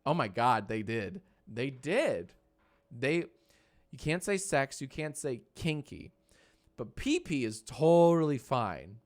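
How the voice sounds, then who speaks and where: This medium-pitched man is very animated yet speaks at a slow pace. He's in his thirties, casually streaming from his home editing room, joking with viewers, running polls, and baby-talking softly to his dog.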